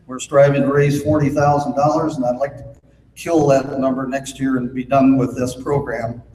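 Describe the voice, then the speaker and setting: A man from Minnesota addresses a convention from a podium microphone, and his voice rings through a large hall with a long reverb tail. He tells a folksy joke and then reads off thanks and figures in a plain, unhurried way, with frequent "uh" fillers. Faint background noise sits under the room. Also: mid-range voice, little pitch movement, warm tone. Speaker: Boy Scout chairman. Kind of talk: convention speech with jokes.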